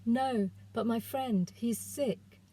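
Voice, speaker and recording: A woman's voice: fairly high pitch, normal speed, warm tone, voice pushed up, lightly acted. A woman reading the lines of a determined young village girl on a desperate journey, in an urgent, pleading voice.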